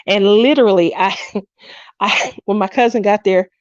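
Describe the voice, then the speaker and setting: On her craft livestream, a woman in her fifties chats casually, tells stories, laughs frequently and acts out the things people said. She has a mid-range voice at normal speed, recorded with no echo but lo-fi sound.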